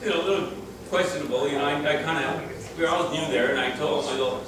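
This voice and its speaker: A middle-aged man whose voice sits a little high talks quickly, telling chuckling, rambling stories to a reunion crowd gathered in a room. He restarts many times in this casual speech, and the audio is distant, very echoey and noisy.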